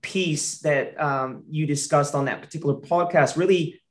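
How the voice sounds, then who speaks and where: A man's voice: on the high side, moderate pace. A man hosting an interview podcast from his backyard, chatty and enthusiastic, with long setups before his questions. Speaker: podcast host. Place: outdoors in a backyard.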